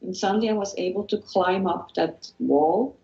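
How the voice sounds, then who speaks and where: With vocal fry and a dark tone, a Swiss woman speaks at a normal speed in a lowish voice. She's a guest hypnotherapist in a motivational interview, talking earnestly while repeating phrases and restarting sentences. The reverberant recording is muffled.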